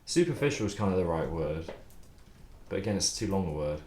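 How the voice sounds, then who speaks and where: A man's voice: low-pitched, sing-song, a little fast, warm tone, roomy sound, slight background noise. A young man who writes songs, chatting loosely during a stream, rambling and swearing with frequent laughs. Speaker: songwriter streaming his writing process. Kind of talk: casual livestream chat.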